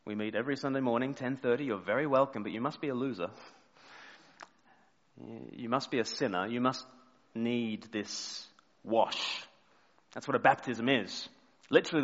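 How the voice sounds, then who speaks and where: A man delivers a sermon in a church, his voice carried by a long reverb and a slightly dull, muffled sound. He tells stories with animated rises, then drops to a hushed tone for the solemn parts. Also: mid-range voice. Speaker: preacher.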